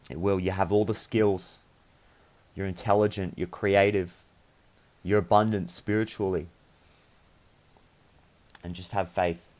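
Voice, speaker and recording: A young man with a somewhat low-pitched voice reads tarot cards for his viewers. He talks in an earnest, meandering manner, offering encouragement and spiritual reassurance. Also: little pitch movement, measured pace, pauses often, darkish tone. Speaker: tarot reader.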